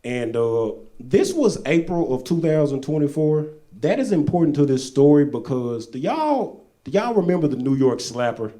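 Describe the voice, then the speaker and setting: Holding a handheld mic on stage, a stand-up comedian from Arkansas tells loose stories, jumping between loud bursts and quiet asides. His male voice moves through big pitch swings at a normal speed.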